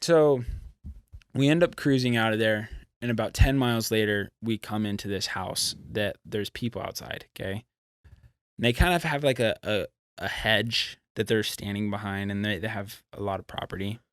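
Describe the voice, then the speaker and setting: A young man from California, a podcast guest, telling a road story in a casual, profane, animated way. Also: fairly low pitch, normal speed, no echo, clean studio sound. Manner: animated, profane, acts out quotes.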